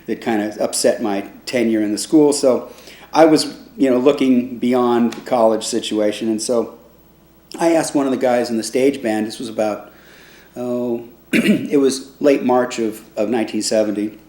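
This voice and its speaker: A man in his sixties, a trombone player, recalling his past in a relaxed, rambling way with restarts, acting out other people's voices when he quotes them. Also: medium pitch, moderate pace. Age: 60s. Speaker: trombone player recounting his band's start. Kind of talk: casual spoken storytelling. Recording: echoey room.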